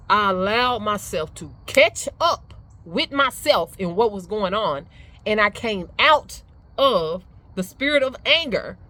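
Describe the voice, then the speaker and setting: Emphatic middle-aged woman giving advice. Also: mid-range voice. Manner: animated, emphatic, laughs often. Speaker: speaker sharing life advice. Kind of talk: casual motivational talk.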